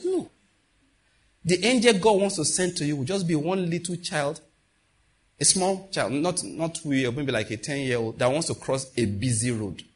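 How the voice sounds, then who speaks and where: Guy preaching, husky voice, swings way up and down, kinda high. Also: normal speed. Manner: animated preaching with call-outs and acted quotes. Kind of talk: sermon.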